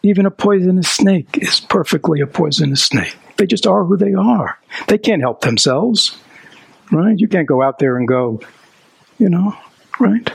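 Raspy guy teaching buddhist stuff, keeps asking the crowd questions, whispers sometimes, dry sound. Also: high voice, measured pace, pauses often, no room sound, rough recording. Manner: animated, asks the audience rhetorical questions. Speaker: dharma teacher. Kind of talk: Buddhist dharma talk.

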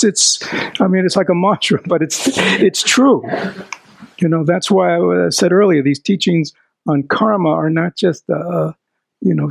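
A man with a gravelly, slightly husky voice, pitched a bit high, gives a Buddhist dharma talk. He keeps quizzing his listeners and sometimes whispers for emphasis. The sound is dry and close. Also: no room sound, poor audio. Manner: animated, asks the audience rhetorical questions. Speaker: dharma teacher.

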